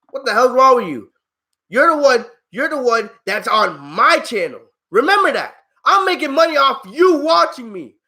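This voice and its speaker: A man's voice: extremely high pitch, sharp tone. A man hosting a live-stream wrestling review, ranting in an exasperated, heated way at viewers in his chat, swearing freely and laughing at them. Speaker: wrestling channel host.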